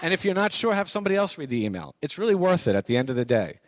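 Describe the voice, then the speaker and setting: A middle-aged guest speaker on business writing gives college students a conversational lecture, repeating points for emphasis. His voice is fairly high and very animated, delivered rapid-fire, and the recording has no echo.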